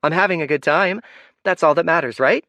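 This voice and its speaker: A man's voice: a little high, fairly quick, bright, forceful tone, dry recording, dull audio, voice pushed up. A man voicing a cheerful, oblivious young woman who talks in a breezy, upbeat way.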